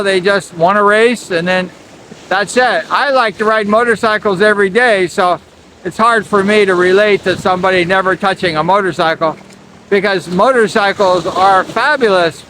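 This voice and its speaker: A man's voice: high voice, moderate pace, pushed and bright, a little hiss or hum, low-quality recording. A man narrating a casual tribute, repeating his admiring praise. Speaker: channel host and narrator. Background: music.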